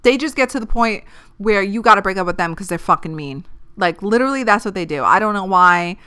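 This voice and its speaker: A woman in her thirties hosting a podcast, giving dating advice in a blunt, profane, animated way. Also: mid-range voice, a little fast, clear, resonant tone. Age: 30s. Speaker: podcast host. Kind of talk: casual podcast monologue.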